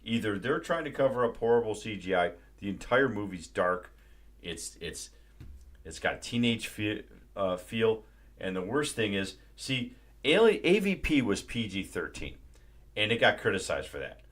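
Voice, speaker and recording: Profane ranting man, lively pitch. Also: moderate pace. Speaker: livestream host. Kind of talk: casual live-stream movie rant.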